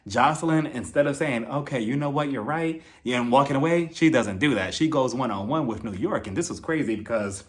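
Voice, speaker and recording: A man giving a casual, expressive recap of a reality TV episode, opinionated and full of "like" and "you know". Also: medium pitch, a little fast, hardly any pauses. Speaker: reality TV reviewer.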